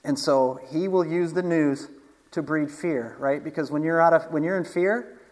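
A man's voice: a little high, moderate pace, in a large hall. A man preaching an informal sermon, telling a personal story in a chatty way with frequent laughter and restarts. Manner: chatty, laughs often, repeats words.

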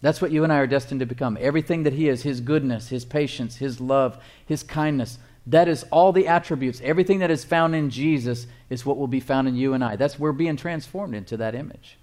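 A male pastor preaching a sermon, emphatic, repeating phrases and reading scripture slowly. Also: medium pitch, darkish tone.

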